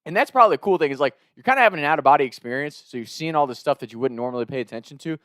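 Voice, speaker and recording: A young man tells a wild night-out story, swearing freely and laughing along at his own tale. His voice sits a bit high for a man. It is recorded close up in a very dry space. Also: lively intonation, rapid-fire, a bit bright, dry recording. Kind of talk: casual storytelling.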